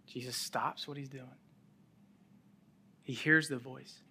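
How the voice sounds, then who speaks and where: A man preaching a sermon, telling a scripture story with sudden drops to a near-whisper and rises to loud calls, with chuckling asides. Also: medium pitch, fairly even intonation, normal speed, pauses often. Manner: chuckles while making light asides.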